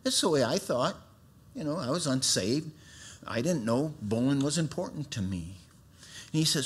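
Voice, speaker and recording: A middle-aged man giving a sermon testimony in a folksy storytelling way, swinging from loud emphatic bursts to hushed, earnest tones. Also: fairly high pitch, animated, a little slow, slightly rough.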